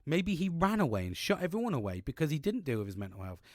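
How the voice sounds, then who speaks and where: A man's voice: a little high, very animated, quick pace, dry recording, clean studio sound. A man, hosting a podcast as a casual monologue, talking frankly with a lot of swearing and laughing often. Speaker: podcast host.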